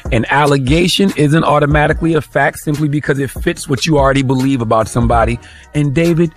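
A male radio host giving an emphatic, lecturing opinion segment, often pausing to ask the listener "okay?". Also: a little high, faint music behind.

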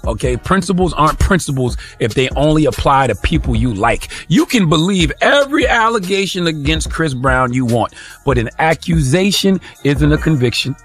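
A male radio host giving an emphatic, lecturing opinion segment, often pausing to ask the listener "okay?". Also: a little high, lively intonation, a bit bright, breathy edge, soft background music.

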